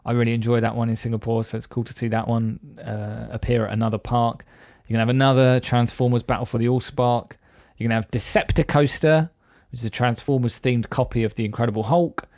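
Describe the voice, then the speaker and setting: Male podcast co-host, casual and rambling, mid-pitched, dry close sound. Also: fairly even intonation, fast talker, few pauses, darkish tone, no echo. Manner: rambling, upbeat, many fillers.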